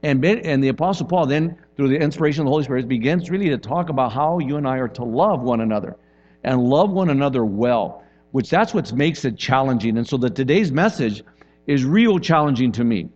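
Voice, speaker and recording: A man's voice: mid-range voice, a little fast, dull audio. A male pastor giving a conversational sermon, often acting out quotes from people in his stories. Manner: conversational and animated, with acted-out quotes.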